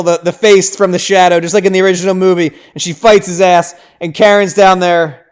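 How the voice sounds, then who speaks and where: A man hosting a podcast, casually recapping a film scene by scene, with lots of "like" and "right?", dropping to a hush for tense moments. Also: sits high, level tone, brisk, few pauses, smooth. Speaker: podcast host.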